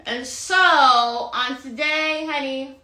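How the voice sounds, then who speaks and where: Sassy livestream tarot reader, woman, a touch high, bright, dramatic pauses. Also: echoey room. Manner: sassy, dramatic, peppered with "okay?" and "honey". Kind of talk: casual livestream monologue. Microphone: phone livestream.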